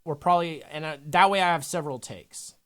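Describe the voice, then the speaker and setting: A man's voice: fairly high pitch, fast talker, a bit bright. A young adult man coaching a trader live, talking bluntly and emphatically with frequent swearing. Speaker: trading coach.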